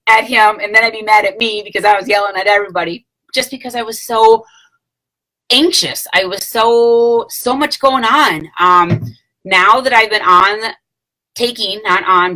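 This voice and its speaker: A woman's voice: mid-range voice, bright, forceful tone, poor audio. A woman in her late thirties chatting casually to camera, rambling with many fillers and self-corrections and small laughs. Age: late 30s. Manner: laughs between phrases. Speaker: vlogger sharing a product testimonial.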